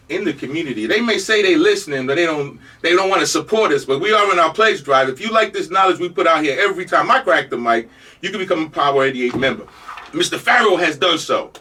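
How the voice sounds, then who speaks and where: A senior man hosting talk radio in a New York Jamaican accent, rattling along fast in a high, bright voice. He has a cold and rambles with jokes. The mic sits a bit away from him. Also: far from the mic. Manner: loose, joking, rambling. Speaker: radio host. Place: radio studio.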